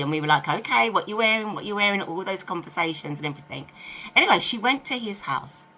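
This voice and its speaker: A woman in her fifties, a vlogger telling a dating story in a chatty, animated way to camera. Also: on the low side, slight background noise. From United Kingdom. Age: 50s. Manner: chatty, animated, asks rhetorical questions. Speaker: lifestyle vlogger.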